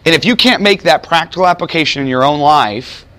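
A man's voice: on the high side, fairly quick, a bit bright. Conversational man preaching a sermon. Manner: conversational, emphatic, voices quoted figures. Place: chapel or lecture room with audience.

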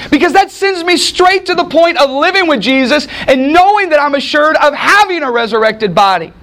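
Male pastor, sermon, high voice, very lively pitch, loud-to-hushed swings, acts out quotes. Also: normal speed, few pauses.

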